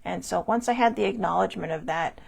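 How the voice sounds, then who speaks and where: A woman's voice: on the low side, fast, gravelly, husky. A woman hosting a personal mental health talk, speaking in a candid, confessional way. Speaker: host.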